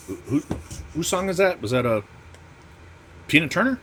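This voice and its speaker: A man's voice: on the high side, big pitch swings, measured pace, pauses often, fairly bright tone, slight background noise. A man hosting a casual comic book unboxing vlog, ranting with constant profanity and sarcasm. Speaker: comic channel host.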